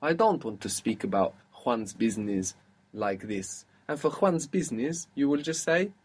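A man's voice: medium pitch, animated, normal speed, husky. Patient male language teacher. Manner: patient, encouraging, explains step by step. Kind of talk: spoken language lesson.

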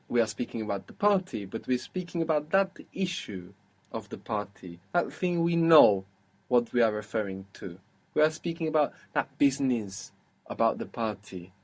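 A man's voice: mid-range voice, husky. A man teaching a spoken language lesson, patiently explaining step by step and encouraging his student.

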